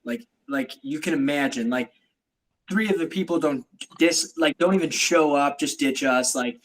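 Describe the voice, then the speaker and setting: Slightly high-voiced man telling a story. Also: moderate pace, slight background noise, poor audio. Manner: animated storyteller, many fillers. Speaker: podcast host. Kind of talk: casual chat, storytelling.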